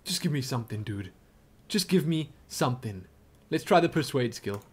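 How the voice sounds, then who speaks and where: A man giving excitable, chatty commentary over his game, often exclaiming and joking. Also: medium pitch, normal speed, breathy edge. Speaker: let's play gamer. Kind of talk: live gameplay commentary.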